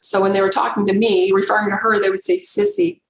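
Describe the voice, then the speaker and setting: A woman guest on a podcast, telling a personal story in an earnest, emotional, halting way. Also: medium pitch, animated, gravelly. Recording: roomy echo with faint background noise.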